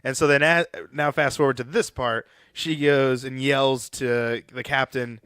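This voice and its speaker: A man's voice: mid-range voice, steady tone, a little slow, fairly bright tone, clean tone, dry recording, clean studio sound. A man co-hosting a casual movie review podcast, laughing often as he loosely retells scenes. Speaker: podcast co-host.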